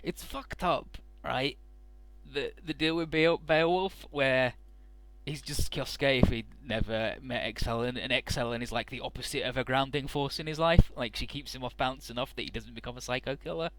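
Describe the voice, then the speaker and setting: A man's voice: mid-range voice, moderate pace, a bit bright, no echo. A man narrating a video game in a casual, profane style, loosely paraphrasing the dialogue. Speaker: let's play narrator.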